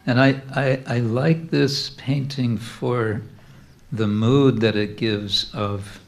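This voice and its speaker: Slow, halting man teaching a devotional class. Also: lowish voice. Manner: halting, gently humorous, many fillers. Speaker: guest speaker giving a spiritual class. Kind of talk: devotional class on religious paintings.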